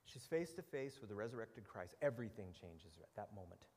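A middle-aged man preaching a sermon with animated storytelling, often repeating words as he goes. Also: on the low side, a little fast, long reverb tail. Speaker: pastor.

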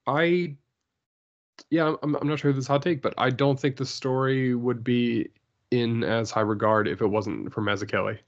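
A man co-hosting a podcast who talks haltingly about comics, full of fillers and restarts. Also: mid-range voice, fairly even intonation. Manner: halting, many fillers and restarts, laughs often. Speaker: podcast co-host. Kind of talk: casual comic-book chat. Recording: dull lo-fi sound.

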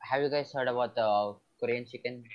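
A man's voice: medium pitch, brisk, dull audio. A man chatting casually, hesitant and searching for words with many fillers. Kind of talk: casual chat.

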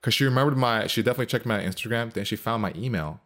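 A deep-voiced man casually telling a story, laid-back and swearing freely. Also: rapid-fire, a bit bright.

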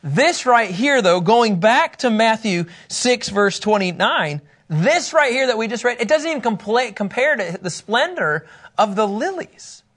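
A man teaching a sermon, emphatic and animated, often acting out the lines he quotes. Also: sits high, measured pace. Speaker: pastor.

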